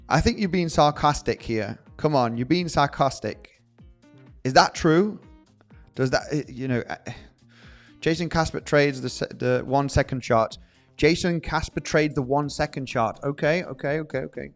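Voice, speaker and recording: A young man hosting a live trading stream, reading viewer comments aloud in an animated, joking way, often restarting his sentences. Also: medium pitch. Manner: animated, jokey, many restarts. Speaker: livestream host.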